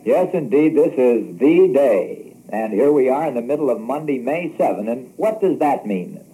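A man's voice: medium pitch, big pitch swings, normal speed, warm tone, low-quality recording. A man giving emphatic 1940s radio commentary as a correspondent, rhetorical and stressing key words.

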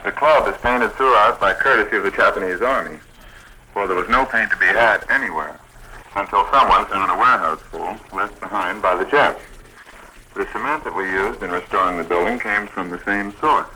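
On a scripted 1940s radio broadcast, an American Red Cross program director is interviewed about his club, reading his prepared lines steadily and proudly. His fairly low voice has a sharp tone with a breathy edge, at normal speed, on a low-quality recording.

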